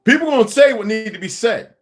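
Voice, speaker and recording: With a high voice, lively intonation, and a brisk delivery, a livestream host goes on an angry rant at a viewer. He is profane, aggressive, and openly confrontational.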